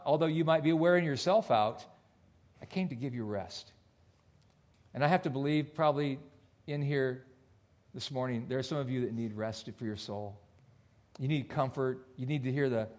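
Earnest male pastor preaching. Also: medium pitch. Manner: earnest, dips to near-whisper on soft points. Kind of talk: sermon. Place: church.

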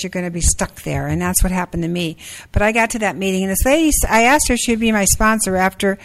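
A woman in her sixties speaks at a support group meeting. She talks haltingly, with many fillers and restarts, in a middle-pitched voice. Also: poor audio. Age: 60s.

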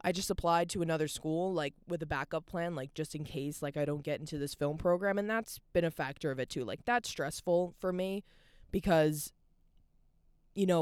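A young adult woman hosts a podcast by herself, rambling candidly and dropping "like" into almost every phrase in an open, confessional way. Her voice is low and slightly mellow, with a clear, resonant tone. The recording is clean studio sound with no room echo.

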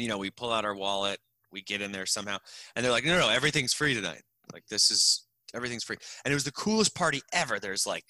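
A man's voice: medium pitch, pushed and bright, dry recording. A young man telling a long, rambling anecdote in casual chat, full of fillers like "like" and breaking into laughter. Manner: rambling, filler-heavy, laughing through the story. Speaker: guest storyteller.

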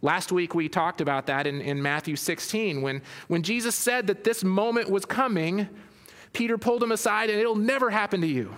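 A man delivers a sermon, first reading a scripture passage aloud and then explaining it. His voice sits a little high for a man, and he often restarts his phrases as he thinks aloud. A long reverb trails his words, as in a large hall. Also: fairly even intonation, normal speed, a bit bright. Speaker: pastor.

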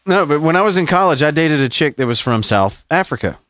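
A man from the American South telling profane, animated stories as a podcast co-host. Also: on the high side, brisk, dry recording. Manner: profane storytelling, animated impressions. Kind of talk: casual chat.

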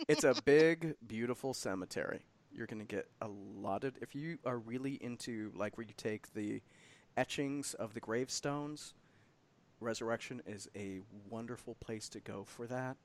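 A man from the Chicago area joking wryly during casual chat, prone to loud laughter. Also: mid-range voice, unhurried. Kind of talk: casual banter.

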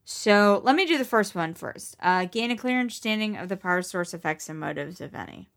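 Gravelly-voiced woman playing a tabletop game. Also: medium pitch, lively intonation, fairly quick, a bit bright. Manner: chatty, thinking aloud. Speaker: player. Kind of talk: casual tabletop play.

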